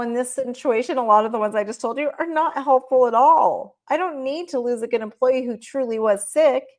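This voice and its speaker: A woman's voice: fairly high pitch, darkish tone. A woman presenting a workplace training talk, guiding listeners step by step through questions and often checking in with "right?". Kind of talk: presentation on managing staff. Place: recorded talk shared online.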